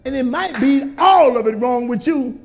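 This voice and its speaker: A man preaching a colloquial sermon in a church style, with call-and-response and shouted peaks. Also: extremely high pitch, animated, normal speed. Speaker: pastor.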